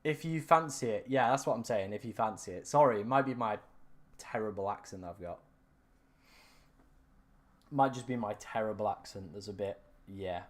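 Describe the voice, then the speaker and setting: A young man, his voice raspy and strained after hours of live streaming. He rambles and corrects himself as he chats to his viewers from home. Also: fairly low pitch, moderate pace, pauses often. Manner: rambling, self-correcting, talks to chat. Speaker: fantasy football streamer. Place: room at home.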